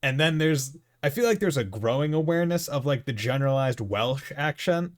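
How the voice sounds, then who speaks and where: A man's voice: mid-range voice, lively intonation, moderate pace, hardly any pauses. A man with a New England accent giving casual, rambling commentary over a video game, laughing often. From United States. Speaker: let's play host.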